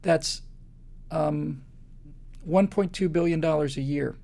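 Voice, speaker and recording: A man's voice: fairly high pitch, slow, vocal fry, warm tone. A man hosting a live show, delivering an impassioned monologue that builds into emphatic repetitions.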